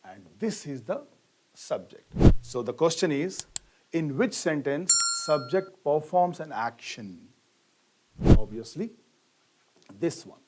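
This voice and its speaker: A middle-aged man teaches grammar at a slow, measured pace. His voice sits a little higher than most men's. He puts questions to the class, answers them himself and hits the key words hard. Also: very animated, heavy background noise. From India.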